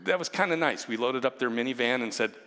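A man's voice: mid-range voice, expressive, fast talker, sharp tone. Chatty man telling a story in a hall. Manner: chatty, self-deprecating, with many asides. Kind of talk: personal storytelling to an audience. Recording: long hall reverb.

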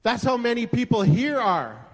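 A man's voice: very high-pitched, very animated, moderate pace. A male pastor preaching a sermon to a congregation, telling a story and asking rhetorical questions with emphasis. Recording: echoey hall reverb.

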